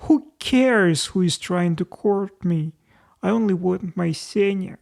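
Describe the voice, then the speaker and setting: A man's voice: sits high, takes it slowly, gravelly, a little mellow, full character voice. A man voicing a young woman, a frightened and tearful sweetheart, in an audiobook reading. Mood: pleading.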